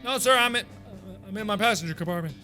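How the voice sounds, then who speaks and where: A man's voice: high-pitched, fast, sharp tone, faint music behind, voice pushed up. A man voicing a polite, timid ten-year-old boy on a train.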